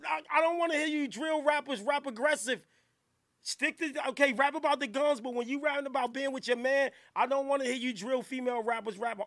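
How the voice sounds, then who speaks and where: A man from Newark with a New Jersey accent, hosting a hip hop radio show in a loud, joking, crude manner. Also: very high-pitched, fairly quick, no echo, studio quality.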